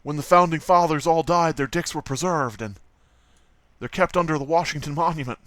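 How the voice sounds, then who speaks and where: A man's voice: a little high, brisk, a bit bright, no room sound, pitched above the performer's own voice, lightly acted. A man doing a comic impression of a famous film star as an urgent, overly earnest adult treasure hunter.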